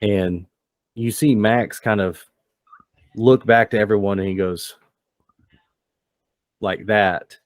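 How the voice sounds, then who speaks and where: Low-voiced man narrating a tabletop game. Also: takes it slowly, pauses often, no echo. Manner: relaxed, descriptive, loose with fillers. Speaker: game master.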